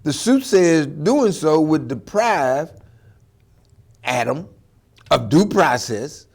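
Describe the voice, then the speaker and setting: A man hosting a commentary show, talking in an animated, preachy and emphatic way. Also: a little high, takes it slowly, vocal fry, breathy edge.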